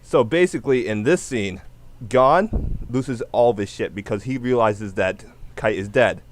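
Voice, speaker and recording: A man on a casual panel, explaining his pick with a steady plot recap. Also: fairly low pitch, a little slow, slight background noise.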